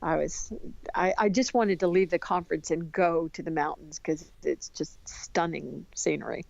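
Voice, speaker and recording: A woman from the United States, a podcast guest, talking in an animated, chatty way with many restarts. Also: deep voice, moderate pace, vocal fry, dry recording, dull audio. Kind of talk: casual conversation.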